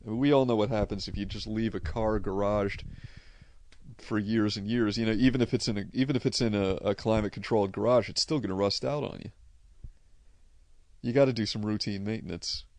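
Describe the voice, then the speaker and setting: A man's voice: on the low side, fairly quick, darkish tone, no echo. A man from Connecticut with a New England accent, chatting casually and bluntly, swearing freely as he answers viewer questions. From Connecticut, USA. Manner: profane, blunt, rambling. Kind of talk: casual unscripted chat.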